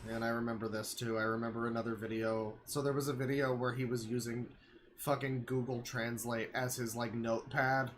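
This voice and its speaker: A man's voice: medium pitch, flat delivery, fairly quick, slight background noise. A man streaming live, reacting to videos with sarcastic, exasperated, profane rants.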